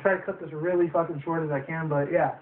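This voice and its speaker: A man's voice: on the high side, fairly even intonation, fast, recorded from a distance, noisy background. A young man reviewing a movie in a rambling casual way, swearing often and using lots of fillers. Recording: tinny phone-like roomy sound from afar.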